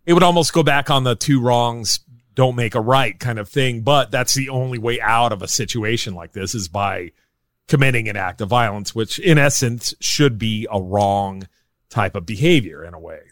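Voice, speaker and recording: A man's voice: medium pitch, moderate pace, no echo. A man co-hosting a casual film discussion podcast, ranting with frequent swearing. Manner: animated, profane, ranting. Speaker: podcast co-host.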